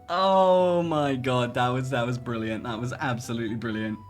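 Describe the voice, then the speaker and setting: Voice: medium pitch, a little slow, soft background music. A streamer chatting casually while reading posts aloud, laughing often and swearing casually. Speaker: VTuber streamer.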